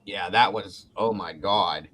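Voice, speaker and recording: Deep, slow, and a bit breathy, the voice belongs to an Ohio man hosting a casual talk show. He tells an animated story, swearing freely and playing out quoted lines.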